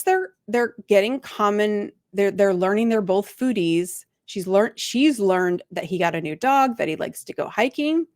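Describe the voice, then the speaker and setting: A woman's voice: mid-range voice, no room sound. Woman, middle-aged, relationship coach, casual commentary, quotes people in a lifted voice, dry close sound. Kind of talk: casual commentary on a reality show.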